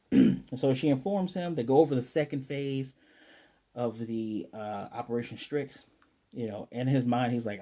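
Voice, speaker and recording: Mellow American male host, loose rambling anime recap full of fillers. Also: mid-range voice, sing-song, a little slow. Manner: rambling, many fillers and self-corrections. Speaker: anime reviewer. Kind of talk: casual episode review.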